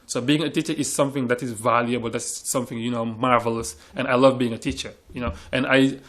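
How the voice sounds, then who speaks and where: A man's voice: mid-range voice, steady tone, fast talker, a bit bright. A man from Senegal, an English teacher talking earnestly in a panel discussion and often repeating words as he searches for phrasing.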